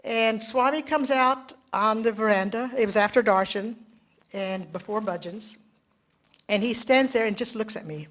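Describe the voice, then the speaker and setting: An older woman with a somewhat high voice speaks to a devotional gathering. She tells her story earnestly and reflectively, falling to a hush at the tender moments and lifting again when the feeling builds. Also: normal speed. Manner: earnest, reflective, with dramatic quiet drops and rising exclamations. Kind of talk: personal storytelling talk.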